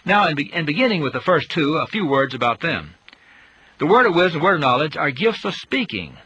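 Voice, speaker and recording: A man's voice: on the high side, big pitch swings, a little fast, sharp tone, breathy edge, lo-fi sound. A man giving a Bible teaching, emphatic, his voice rising on rhetorical questions.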